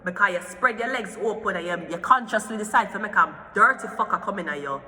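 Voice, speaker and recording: A woman launching into a fiery, foul-mouthed rant as a tarot reader. Her voice is bright and forceful, ringing out with a long reverb tail in the room. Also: medium pitch, fairly quick, hardly any pauses, slight background noise. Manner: profane, heated, swearing often. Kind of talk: ranting gossip commentary.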